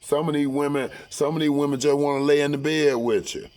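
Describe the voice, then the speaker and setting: A man's voice: a little high, fairly even intonation, a little fast, darkish tone, low-quality recording. Rambling, profane man preaching to camera. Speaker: vlogger. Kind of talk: casual profane monologue.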